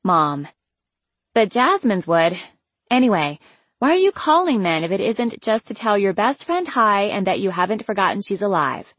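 A woman reading an audiobook, voicing an excitable young woman, a teasing best friend who talks loudly with plenty of exclamation. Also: mid-range voice, moderate pace, dry recording. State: out of breath. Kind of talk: audiobook character voice.

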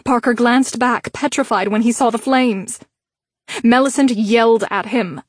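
Brief: female audiobook narrator, measured reading, slightly high pitch, dead-dry booth sound. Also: no room sound. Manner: steady, measured storytelling. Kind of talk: scripted narration.

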